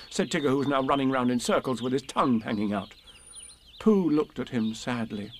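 A man reading a children's storybook aloud with slow, expressive narration. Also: medium pitch, a little hiss or hum.

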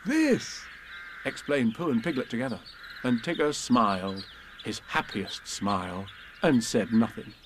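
A man reading a children's storybook aloud with slow, expressive narration. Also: medium pitch, noisy background.

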